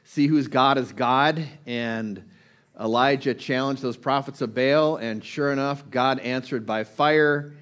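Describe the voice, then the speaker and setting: A man's voice: mid-range voice, a little slow, fairly bright tone, clean tone. A man giving an informal sermon, retelling a Bible story in a conversational way, with plenty of fillers and restarts. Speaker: preacher. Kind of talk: casual sermon.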